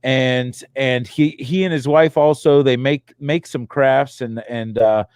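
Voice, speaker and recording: A man's voice: mid-range voice, clean tone, no echo. Middle-aged guy hosting a podcast, jokey, trips over his words, dry close sound. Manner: joking, excitable, hurried restarts. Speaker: podcast host. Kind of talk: casual chat.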